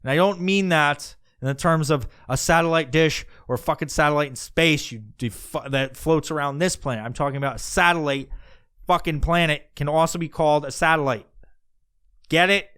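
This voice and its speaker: A man's voice: on the high side, normal speed, fairly bright tone, clean tone. A man hosting a podcast, delivering a crude, mocking rant full of swearing. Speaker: podcast host. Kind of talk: profane ranting podcast monologue.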